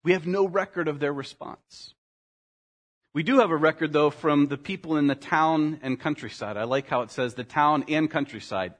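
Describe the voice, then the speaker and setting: A man preaching a sermon as pastor, animated, climbing to emphatic highs and sinking to quiet, earnest lines, with quick acted asides for people in the story. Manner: animated, rising to emphatic peaks and dropping to quiet.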